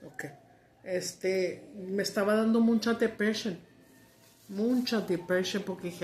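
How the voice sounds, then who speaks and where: A middle-aged woman vents to her viewers, mid-pitched, cussing and switching between Spanish and English. Her voice rings in a roomy, echoey space. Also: fairly even intonation, moderate pace, darkish tone. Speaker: mukbang vlogger. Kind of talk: casual chat while eating. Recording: roomy echo.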